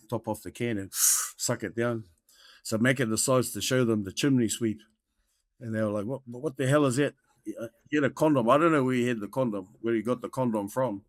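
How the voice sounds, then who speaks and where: A man's voice: on the low side, dry recording, clean studio sound. A man in his fifties with a New Zealand accent, telling rambling rugby-tour anecdotes as a podcast guest and calling everyone mate. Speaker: guest, former rugby player. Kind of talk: casual storytelling.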